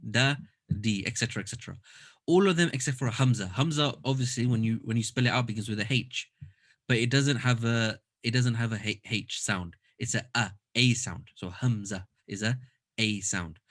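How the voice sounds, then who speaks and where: A man's voice: mid-range voice, a bit bright. A man teaching a Quran recitation class online, explaining step by step and demonstrating sounds aloud over a computer mic.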